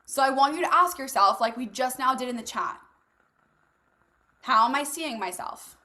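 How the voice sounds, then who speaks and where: A woman's voice: high voice, lively intonation, moderate pace, bright, forceful tone. A young woman hosting a live coaching masterclass who talks casually and bluntly, swearing freely and speaking straight to her listeners. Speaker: host leading a live masterclass. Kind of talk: motivational coaching talk.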